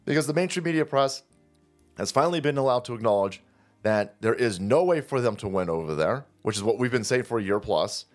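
A man's voice: medium pitch, lively intonation, a little fast, soft background music. A man hosting a profane political rant, sarcastic and combative in manner. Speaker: political commentary host.

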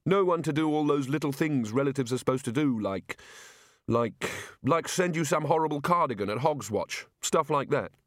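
A man's voice: on the high side, lively intonation, moderate pace, dry recording, studio quality, voice pushed up, lightly acted. A man voicing a morose, nervous male wizard who grumbles and frets.

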